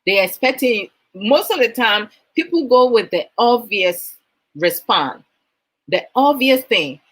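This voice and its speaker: Slow-talking Ghanaian woman host. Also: fairly high pitch, animated, breathy edge, low-quality recording. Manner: conversational, asks listeners questions, mixes in Twi phrases. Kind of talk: motivational talk to an audience.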